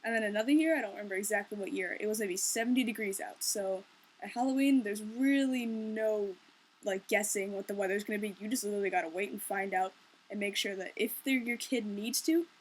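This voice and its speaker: A young woman vlogger from the Twin Cities area of Minnesota chats casually and unscripted, wry, joking and easygoing. Her mid-range voice is slightly rough.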